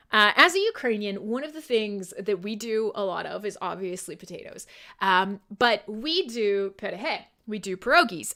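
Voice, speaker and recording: A woman's voice: mid-range voice, bright, forceful tone. A young adult woman hosting a live metal radio show, chatting irreverently with listeners, swearing and laughing often.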